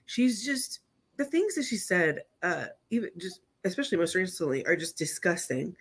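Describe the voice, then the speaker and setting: A woman talking hesitantly in halting casual stream chat. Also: fairly low pitch, very animated, slightly rough.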